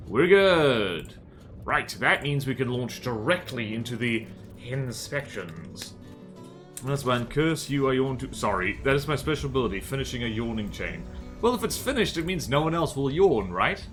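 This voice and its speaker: A man streaming a game live, chatting casually in a rambling, self-mocking and jokey way. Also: medium pitch. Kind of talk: casual live-stream chat while playing.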